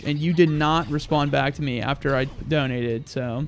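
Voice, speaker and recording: A man's voice: medium pitch, steady tone, normal speed, hardly any pauses. A young man giving crude, joking gameplay commentary, swearing often and acting angry for laughs. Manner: profane, mock-angry, joking. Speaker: gaming video host.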